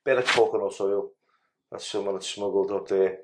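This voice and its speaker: A man's voice: lowish voice, steady tone, moderate pace, background noise. A man tells a story as a podcast guest in casual talk. He is blunt and sweary and often restarts his sentences.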